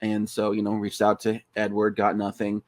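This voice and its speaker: Animated man, dry close mic. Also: on the low side, moderate pace, dry recording. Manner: animated, swears, acts out quotes in funny voices. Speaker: podcast guest, fan film director. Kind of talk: casual interview chat.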